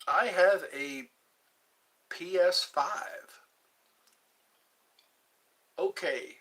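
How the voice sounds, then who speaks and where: A man's voice: sits high, animated, very slow, gravelly, long pauses, a bit bright. A middle-aged man hosting a livestream, rambling casually to young viewers from a phone on a tripod. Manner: rambling, chats to young viewers, drifts into song snippets. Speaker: livestream host.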